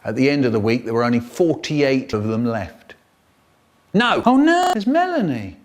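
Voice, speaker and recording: A man telling comic childhood stories in a theatrical way, jumping between squeaky quoted voices and low mutters. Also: sing-song, normal speed. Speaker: storyteller. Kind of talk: comic children's storytelling, spliced remix.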